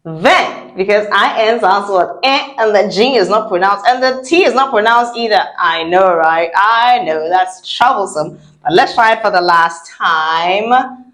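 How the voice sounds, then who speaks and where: A woman's voice: mid-range voice, a little slow, fairly bright tone. A woman teaching French pronunciation, repeating each word several times and encouraging the learners. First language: a language other than French. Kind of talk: pronunciation lesson, drilling words slowly.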